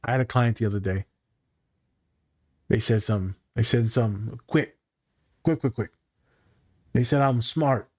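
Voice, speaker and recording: A man's voice: mid-range voice, normal speed, long pauses. A man, a therapist, chatting casually on a podcast, telling client stories with lots of swearing and acted-out quotes. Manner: profane, animated storytelling with acted-out quotes.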